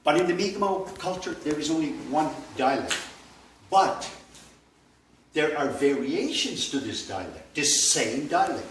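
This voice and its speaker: An older man from Nova Scotia giving a relaxed, digressive workshop talk, full of fillers and chuckles. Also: fairly high pitch, a little slow. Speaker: language workshop instructor. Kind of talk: informal classroom lecture. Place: workshop room indoors. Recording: echoey room, distant mic, faint noise.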